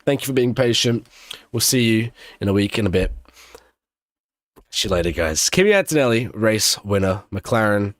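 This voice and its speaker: A man hosting a live race watch-along, reacting with loose, slangy excitement and wrapping up the coverage. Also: fairly low pitch, moderate pace, no room sound, studio quality. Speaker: host.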